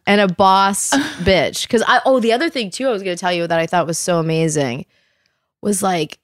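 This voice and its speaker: At a moderate pace, a thirty-something woman with a mid-pitched voice chats casually, telling animated stories, acting out every quote and saying "like" constantly. The close-miked recording comes from a dry room without echo.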